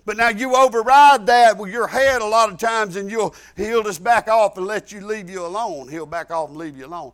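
A male pastor preaching a sermon in a folksy way, swinging between shouted lines and low asides. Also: normal speed, few pauses. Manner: folksy, rising to shouts then dropping low.

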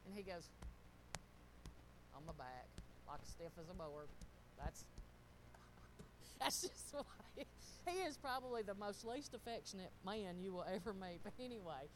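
A middle-aged woman, telling stories in a casual sermon, animated and laughing often as she talks to the congregation. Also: mid-range voice, moderate pace, a little hiss or hum, low-quality recording. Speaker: pastor's wife.

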